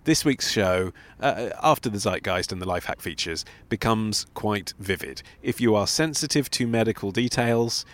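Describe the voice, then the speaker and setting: A man's voice: on the low side, expressive, normal speed, hardly any pauses. A man hosting a magazine podcast, introducing segments and teasing his guests with wry banter. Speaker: podcast host.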